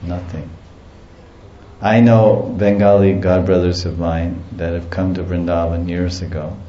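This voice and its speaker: A man teaches on devotional themes in a slow, storytelling manner, lingering over lists and chuckling now and then. His voice sits on the low side. The recording is echoey and dull, with faint ambience behind it. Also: mellow, slight background noise. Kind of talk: devotional lecture and property tour.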